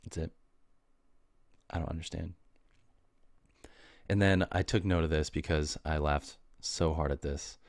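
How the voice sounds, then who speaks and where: A man's voice: rumbling low, steady tone, measured pace, long pauses, dry recording. A man hosting a podcast, telling loose, meandering stories in casual slang and often laughing at himself. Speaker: podcast host. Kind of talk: casual rambling monologue.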